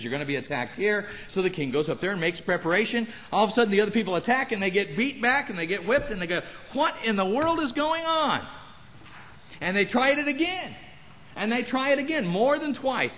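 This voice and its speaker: A man preaching a sermon in a church, acting out the people in the passage and adding humorous asides. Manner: animated, acts out Bible characters with jumps in pitch. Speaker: pastor. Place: church sanctuary.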